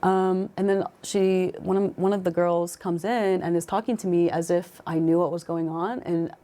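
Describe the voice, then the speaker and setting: Low, mellow-voiced young woman telling her story. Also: steady tone, normal speed. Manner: emotional, lots of "like" fillers and restarts. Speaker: guest sharing her life story. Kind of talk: casual conversational storytelling.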